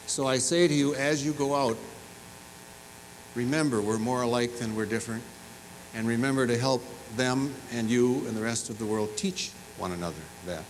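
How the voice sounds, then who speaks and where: In a poor-quality recording with slight background noise, a man addresses graduates in a large university fieldhouse. His medium-pitched voice moves at a moderate pace as he spins funny anecdotes, teases listeners, and throws in asides.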